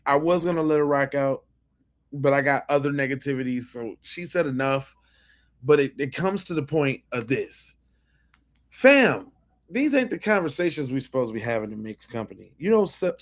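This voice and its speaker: A male podcast host reacting to clips in a blunt, cursing way, with a fairly high voice for a man. He restarts his sentences again and again as he makes his point. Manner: blunt, profane, repeats and restarts phrases. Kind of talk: commentary on played video clips.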